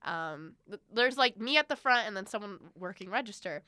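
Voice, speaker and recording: A young woman, telling a work story in casual chat, animated and swearing freely. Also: mid-range voice, normal speed, clean tone, no room sound.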